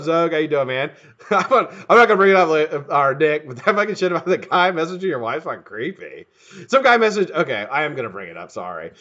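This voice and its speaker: Man, live-stream host, casual profane chat, lively up-and-down pitch, slightly high voice, muffled lo-fi sound. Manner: profane, excitable, laughing often, shouting names to greet viewers. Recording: dull lo-fi webcam audio.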